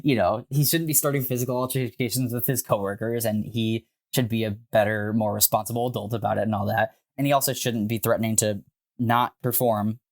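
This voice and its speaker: A man co-hosting a podcast, telling a story in a casual, animated way with frequent swearing and filler words. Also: fairly low pitch, fairly quick. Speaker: podcast co-host.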